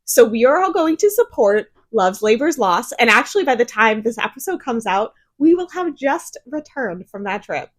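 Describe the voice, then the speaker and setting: A woman's voice: on the high side, sing-song, normal speed, few pauses. A woman co-hosting a book podcast, chatting casually and telling rambling anecdotes. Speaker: podcast co-host. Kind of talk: casual chat.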